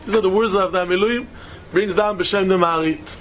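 A man's voice: high voice, a little fast, a bit bright, a little hiss or hum. A man giving a Talmud lecture, emphatic and repetitive, chuckling as he explains. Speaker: Talmud teacher.

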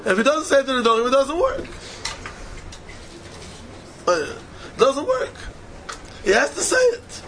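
A man's voice: very high voice, wildly swooping pitch, measured pace, pauses often, fairly bright tone, slight background noise. A man giving a Talmud lecture, emphatic and repetitive, chuckling as he explains. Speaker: Talmud teacher.

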